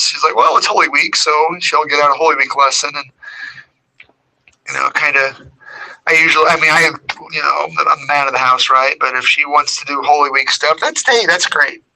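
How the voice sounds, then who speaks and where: A man's voice: mid-range voice, creaky, sharp tone, low-quality recording. A man chatting on a livestream while painting at home, joking and digressive. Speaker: regular stream guest. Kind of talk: casual chat.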